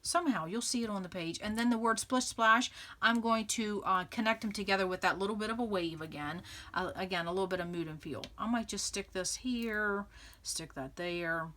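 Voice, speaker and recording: Upbeat woman walking thru a craft project, bright clear voice, giggles a lot, lots of um and uh. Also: mid-range voice, normal speed. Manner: chatty and upbeat, laughs often, thinks aloud with many fillers. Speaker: scrapbooking channel host. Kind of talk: casual crafting tutorial narration.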